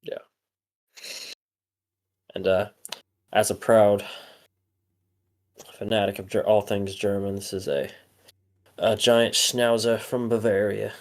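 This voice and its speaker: A man's voice: on the low side, flat delivery, slow, pauses often, darkish tone. A young man co-hosting a podcast, chatting casually, rambling with lots of fillers and frequent swearing. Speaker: podcast co-host.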